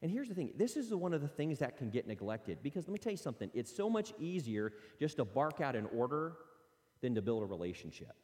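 A middle-aged man gives parents an earnest, conversational teaching talk, acting out what parents and children say. His medium-pitched voice is sing-song and dark in tone, moving a little fast. The recording carries a long reverb.

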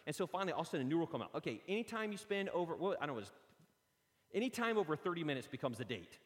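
A man preaching a sermon, telling lively personal stories and acting them out. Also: on the high side, racing. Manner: animated storytelling, acts out his own stories. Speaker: pastor. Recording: long hall reverb.

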